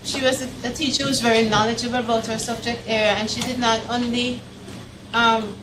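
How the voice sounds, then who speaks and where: Jamaican woman student, slightly high voice, hesitant and measured, distant noisy recording. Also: flat delivery. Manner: measured, filler-heavy answer. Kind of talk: classroom discussion.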